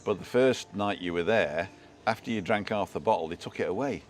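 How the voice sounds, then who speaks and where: A man's voice: low-pitched, a little fast, slight background noise. A man who co-hosts a live show, telling rambling anecdotes in casual chat and checking in with tag questions.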